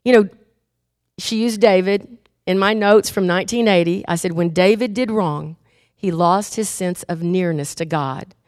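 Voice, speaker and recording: A middle-aged woman preaching a sermon, telling stories with lively acted-out voices. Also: lowish voice, moderate pace, no echo, clean studio sound. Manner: animated storytelling, acts out inner voices.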